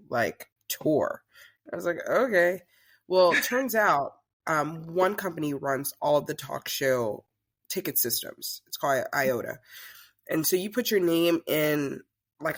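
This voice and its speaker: Woman, talk show host type, guest spinning a lively story in a casual chat. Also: sits low. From Southern United States. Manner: chatty, animated storyteller.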